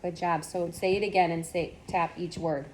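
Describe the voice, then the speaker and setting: A woman's voice: lowish voice, steady tone, moderate pace, background noise. Patient, encouraging woman reading tutor. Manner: patient, encouraging, gives step-by-step prompts. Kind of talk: one-on-one phonics lesson.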